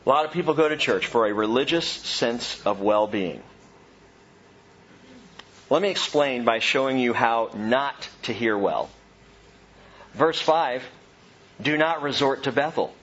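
A man's voice: fairly high pitch, husky, dull audio. A man preaching a sermon, earnest and emphatic, asking his listeners question after question. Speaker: pastor.

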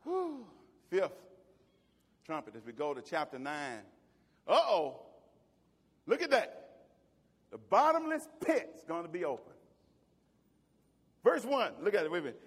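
A male pastor preaching a sermon in a church, switching between shouted exclamations and folksy jokes. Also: high-pitched, huge pitch swings, a little slow, pauses often, husky. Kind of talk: fiery sermon. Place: church sanctuary. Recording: long church-hall reverb.

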